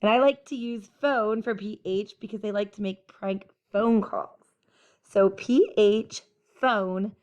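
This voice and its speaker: Woman, teacher, children's phonics lesson, unhurried, clear, encouraging, medium pitch. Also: darkish tone, dull audio. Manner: slow, clear, encouraging teacher talk, modelling sounds.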